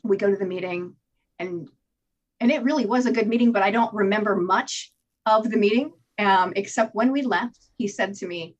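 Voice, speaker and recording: A woman guest telling her own recovery story in an interview, candid and animated, swearing freely and acting out what she told herself. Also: mid-range voice, moderate pace, dull audio. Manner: candid, animated storytelling with profanity and acted-out inner voices. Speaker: podcast guest.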